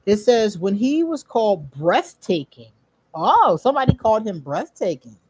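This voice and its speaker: A woman chats casually while reading cards for her viewers. She talks in an animated way, laughs often and stretches words out for emphasis. Her voice sits at a middle pitch and sounds close and dry, with no room echo. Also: moderate pace, breathy edge. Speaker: host doing card readings for viewers. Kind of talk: casual live-stream chat.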